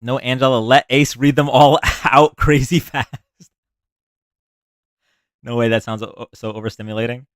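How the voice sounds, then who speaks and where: A man hosts a casual livestream, talking straight to his chat at an ordinary pitch. He restarts his sentences often as he explains things. The sound is close and dry with no room around it. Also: fairly even intonation, normal speed, pauses often, no room sound. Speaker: livestream host.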